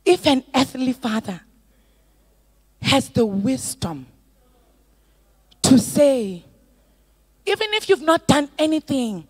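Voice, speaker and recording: A middle-aged woman pastor preaching a sermon, moving from soft storytelling to loud, drawn-out exhortation. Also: high voice, animated, no echo.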